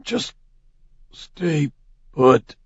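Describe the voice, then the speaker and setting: Storybook role: male narrator doing a chained, wounded man, husky and hushed, slow and calming, dull lo-fi sound. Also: on the high side, dry recording, pitched above the performer's own voice, exaggerated voice. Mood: grim, hushed. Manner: hushed, soothing, measured. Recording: dull lo-fi recording.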